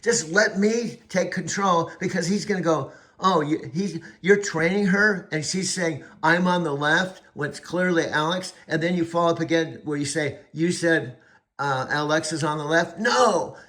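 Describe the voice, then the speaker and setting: A man, host and self-described coach, talks insistently and keeps repeating himself to make his point. His voice sits a little high and sounds bright and forceful. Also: normal speed. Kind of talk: casual heated conversation.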